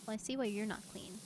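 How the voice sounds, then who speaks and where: With a slightly mellow, medium-pitched voice, an American woman talks casually during a game stream. She wanders through stories and laughs frequently, and a little background noise can be heard.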